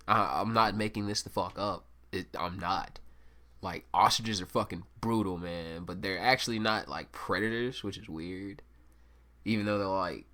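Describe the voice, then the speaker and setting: A man's voice: on the low side, sharp tone. A young man hosting a solo podcast, rambling and swearing through a casual story with self-mocking asides. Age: young adult. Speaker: podcast host.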